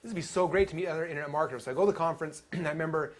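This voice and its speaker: A man telling stories at a live seminar, animated and acting out the quotes he tells. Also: on the high side, racing. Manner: animated storytelling, acts out quotes. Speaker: seminar speaker.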